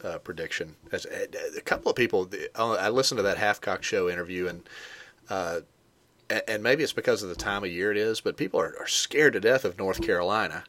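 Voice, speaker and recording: A man hosting a casual sports talk show, talking in a halting way with many fillers and restarts. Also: low-pitched, a bit bright, no echo.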